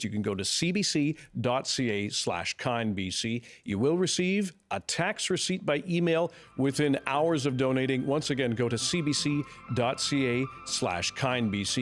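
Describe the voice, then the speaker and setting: A man hosting a live radio show, introducing callers and reading announcements in a brisk, polite manner. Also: mid-range voice.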